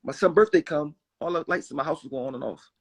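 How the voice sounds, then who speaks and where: A man's voice: on the high side, fast, a little hiss or hum. A man in his forties from Philadelphia, telling personal stories in a rambling, emphatic way, full of restarts and "you know what I mean.". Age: 40s. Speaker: guest rapper. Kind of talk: candid personal storytelling.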